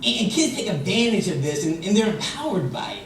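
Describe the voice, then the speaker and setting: A young man giving a humorous contest speech, telling an animated story and acting out voices. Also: high-pitched, fast, slight background noise. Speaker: contest speaker. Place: large hall with audience. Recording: distant mic in echoey hall with audience.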